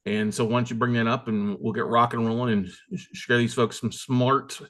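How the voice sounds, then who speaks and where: A man hosting a show, energetic and enthusiastic as he introduces and interviews a guest. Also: medium pitch, moderate pace. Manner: hyped, enthusiastic, emphatic. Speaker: podcast host.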